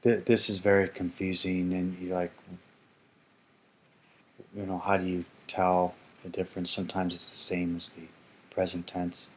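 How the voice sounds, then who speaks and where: A man gives a casual lesson on ancient Greek grammar, thinking out loud and correcting himself along the way. His low voice is monotone yet fairly bright, at a normal speed with frequent pauses.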